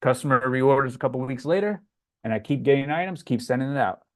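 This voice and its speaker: Answering viewer questions on a laid-back livestream, this host from Florida speaks in an ordinary middle register. His manner is easygoing and conversational, with frequent "um" fillers ahead of his answers.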